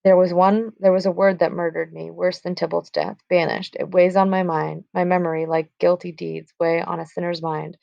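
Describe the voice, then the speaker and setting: A woman's voice: fairly low pitch, level tone, moderate pace, vocal fry, few pauses, dark tone, no echo, highs cut off. A woman reading the lines of a distraught, torn young bride from a classic stage play, in a plain reading voice. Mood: anguished. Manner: read aloud plainly from the script. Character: young teenage girl, newly wed, distraught and torn.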